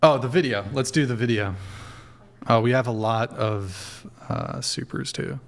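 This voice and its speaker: Brisk male podcast host. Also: mid-range voice, creaky. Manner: directs the crew, quick and brisk. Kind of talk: casual podcast chat.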